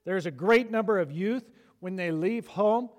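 Man preaching in a church, fairly high voice, emphatic, repeats lines for stress. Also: a little slow. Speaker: pastor. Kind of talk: sermon.

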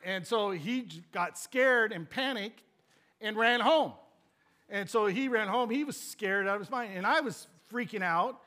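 Male pastor, higher voice, loose funny storyteller who drifts into scripture. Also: unhurried. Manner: animated, joking, rambling with restarts. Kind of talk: sermon with personal storytelling.

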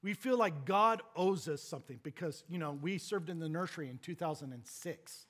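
A man preaching a sermon as pastor, swinging between emphatic exhortation and low, quiet points. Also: a little fast.

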